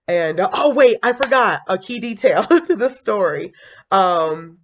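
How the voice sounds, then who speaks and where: A woman's voice: medium pitch, a little slow, slight background noise. Chatty young woman teacher, lo-fi. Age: young adult. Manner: animated, chatty, full of fillers and laughs. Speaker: kindergarten teacher. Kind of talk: casual storytelling vlog.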